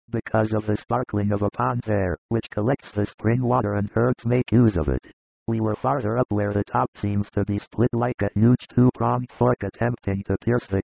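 A man's voice: lowish voice, creaky, no room sound, dull audio. A man voicing an older male disciple who speaks in an earnest, fatherly way, in a dramatized audiobook reading.

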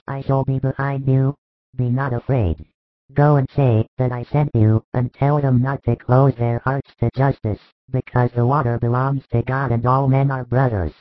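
Male reader for a religious parable, mid-pitched, steady and solemn, dry tinny recording. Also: no room sound. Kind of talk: scripted narration of a religious parable. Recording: dry, tinny phone-like sound.

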